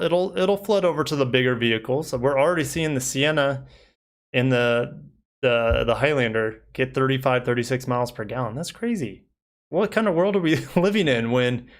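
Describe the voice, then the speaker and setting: Easygoing man chatting on a live stream. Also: mid-range voice. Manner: easygoing, rambling, with many fillers. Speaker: car reviewer and channel host. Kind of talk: casual live stream chat reading comments.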